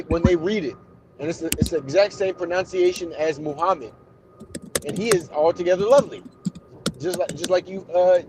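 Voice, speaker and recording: A man's voice: sits high, noisy background. A man calling into a heated debate, insisting on his point, repeating himself and saying "brother" often.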